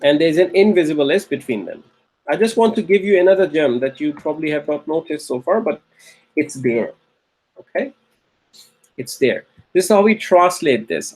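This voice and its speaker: A man's voice: on the high side, a little mellow. A man teaching a recorded Arabic grammar lecture, patiently repeating key phrases and often checking with "okay?".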